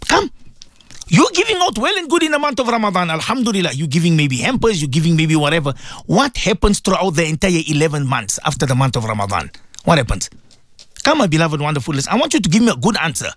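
A South African man presents a religious radio show, fervently preaching to listeners and repeating his points as he exhorts them. His voice is a little high and a bit bright, and the studio recording is clean and dry.

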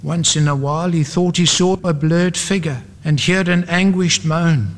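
Guy preaching a sermon, a bit high voiced, dramatic repeats, big hall echo. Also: steady tone, a little slow, few pauses. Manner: dramatic reading with repeated refrains. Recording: long hall reverb.

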